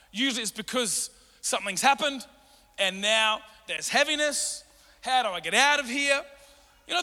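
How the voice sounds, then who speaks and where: A man preaches in a church hall, his tone very bright and sharp, his voice pitched high for a man. The sound carries a long hall reverb. He drives each point home with rising, repeated commands. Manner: energetic, builds to emphatic repeated commands. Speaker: pastor. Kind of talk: sermon.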